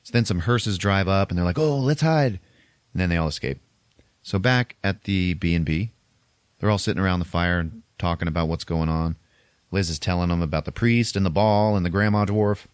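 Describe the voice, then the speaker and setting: A man hosting a podcast and recapping a horror film in a casual way, animated and laughing often. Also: low voice, a little fast, smooth, dry recording. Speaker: podcast host.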